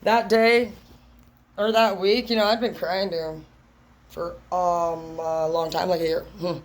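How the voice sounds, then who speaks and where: A woman's voice: lowish voice, steady tone, unhurried, low-quality recording. Female vlogger, unfiltered and profane, loose rambling delivery. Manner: blunt, heavy swearing, rambling; brash and unfiltered. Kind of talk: casual monologue to camera.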